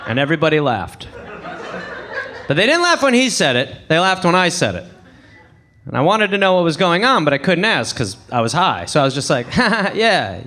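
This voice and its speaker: A man from England doing a stand-up routine on a comedy club stage, animated, acting out voices and laughing at his own jokes. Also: high voice, a little fast. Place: comedy club stage before a live audience.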